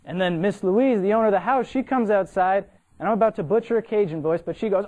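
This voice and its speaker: A young man from Massachusetts, a cadet, giving an animated, humorous storytelling speech for a competition and acting out the people in his story. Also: high voice, fast talker, lo-fi sound. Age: young adult.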